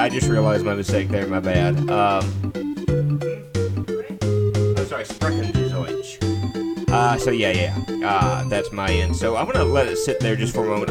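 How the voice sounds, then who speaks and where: A man hosting a casual game stream, talking in a deliberately flat, monotone way. His voice sits fairly low. Loud game music plays behind him the whole time.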